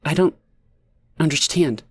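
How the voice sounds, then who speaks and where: A man's voice: a little high, measured pace, breathy edge, pitched above the performer's own voice. A man voicing a desperate, distraught mother who pleads tearfully, as an audiobook character. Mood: stunned.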